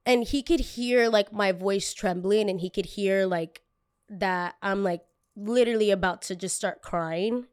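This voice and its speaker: A woman's voice: medium pitch, steady tone, a little slow, clean tone, no echo, clean studio sound. A young woman content creator candidly telling a personal story, emotional and full of casual fillers.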